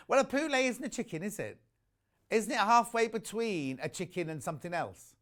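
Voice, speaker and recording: Chatty animated male shopping host. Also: high voice, brisk. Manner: chatty, rambling, jokey asides. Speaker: shopping channel presenter. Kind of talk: live sales presentation. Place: warm studio with the shutter doors open.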